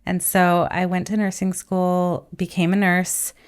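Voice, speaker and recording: Woman, podcast guest, nurse; low gravelly voice, candid and reflective. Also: level tone, measured pace. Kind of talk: casual conversation.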